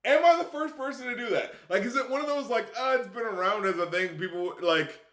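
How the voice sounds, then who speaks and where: A man's voice: very high voice, brisk, a bit bright. A man who reviews rap music, chatting casually and profanely on a live stream, laughing often. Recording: echoey room.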